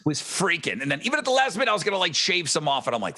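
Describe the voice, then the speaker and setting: Animated man telling a story. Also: high-pitched, racing, slight background noise. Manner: animated storyteller, swears freely. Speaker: podcast co-host; radio host. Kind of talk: casual podcast chat.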